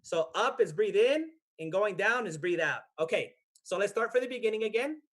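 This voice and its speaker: A man's voice: high voice, lively intonation, normal speed, fairly bright tone. A man in his thirties leading a guided breathing practice and a Dhamma talk, patient and checking in with listeners often. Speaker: meditation teacher. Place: temple hall.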